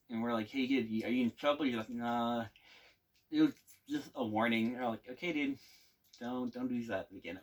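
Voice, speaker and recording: Rambling young man telling a storytime. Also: mid-range voice. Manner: rambling, laughs often, swears casually. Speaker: navy veteran telling stories. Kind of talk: casual storytime.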